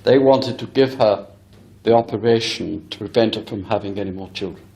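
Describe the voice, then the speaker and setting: In an echoey hall, a man acting as a medium delivers a spiritualist lecture, his voice fairly low, gravelly, and darkish at a normal speed. He tells a story earnestly and emphatically, often speaking directly to the live audience.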